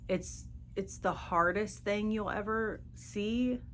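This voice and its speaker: A middle-aged woman hosting a podcast, talking earnestly and haltingly about grief and faith, often searching for her words. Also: mid-range voice, fairly bright tone, a little hiss or hum. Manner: speaks openly of grief and faith. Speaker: podcast host. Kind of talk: personal monologue.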